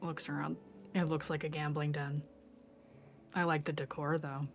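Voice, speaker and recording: A woman's voice: deep voice, little pitch movement, moderate pace, faint music behind. A woman playing a character in a tabletop role-playing game, casual and dry. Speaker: player.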